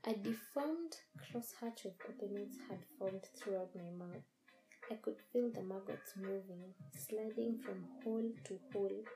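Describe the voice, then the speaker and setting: A woman reading a first-person horror story in a measured, dramatic storytelling manner. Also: medium pitch, low-quality recording. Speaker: narrator.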